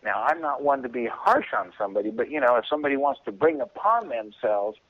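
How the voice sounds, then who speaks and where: A man's voice: medium pitch, sing-song, a little fast. Chuckling man on a muffled phone line. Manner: chuckling, acts out quoted voices. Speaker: radio show guest. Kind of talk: casual storytelling.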